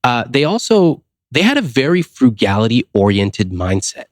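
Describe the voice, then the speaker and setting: A man's voice: mid-range voice, big pitch swings, a little slow, no room sound, clean studio sound. A man from the United States, a guest on a podcast, telling stories in a casual interview. He acts out quoted dialogue and keeps asking rhetorical questions. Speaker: podcast guest, finance author.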